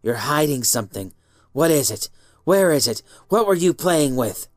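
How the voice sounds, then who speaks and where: A man's voice: very animated, normal speed, dry recording, clean studio sound, soft background music. Man doing a hissing, cold stepmother. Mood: angry whisper. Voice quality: shrill under the whisper. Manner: hissing angry whisper. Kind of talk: storybook reading.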